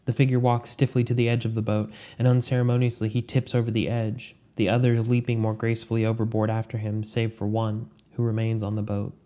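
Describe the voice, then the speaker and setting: A male storyteller reads a story aloud in a steady, measured way. His voice is low and dark, with a flat, level delivery that rarely rises or falls. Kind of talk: scripted fiction narration.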